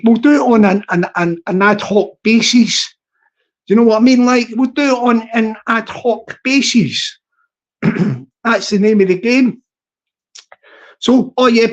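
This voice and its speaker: A man's voice: high-pitched, dull audio. A man hosting a casual livestream, rambling and jokey, laughing often and restarting his sentences. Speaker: channel host.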